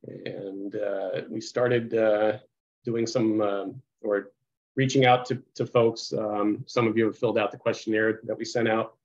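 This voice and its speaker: Low-voiced man presenting, halting. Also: little pitch movement, muffled recording. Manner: halting, heavy with uh and restarts, sometimes mutters aside. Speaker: committee co-chair. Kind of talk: presenting on a video call. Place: home office on a video call. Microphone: computer mic on a video call.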